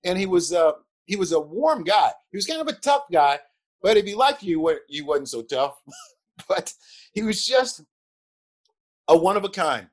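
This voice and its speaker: An older man, a guest in an interview, telling animated anecdotes with chuckles and repeated words. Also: sits high, moderate pace, long pauses. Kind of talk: animated storytelling.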